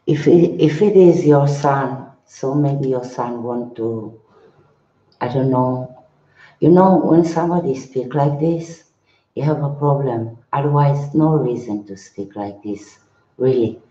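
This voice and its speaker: Slow, halting older man in a roomy space. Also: medium pitch, warm tone. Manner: slow, halting, repeats words, broken English. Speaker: monk. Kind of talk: live-stream chat answering viewers. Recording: roomy, slightly dull sound.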